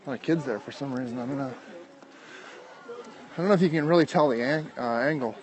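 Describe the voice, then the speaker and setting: Out of breath from climbing steep hills, an American man streams his outdoor walk on his phone, chatting casually and replying to viewer comments as a vlogger. He speaks quickly at medium pitch, and the recording quality is low.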